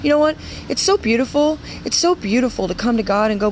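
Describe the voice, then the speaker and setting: A woman's voice: a little high, expressive, moderate pace, slight background noise. A young woman leading a women's ministry, giving an earnest devotional talk and repeating phrases for emphasis.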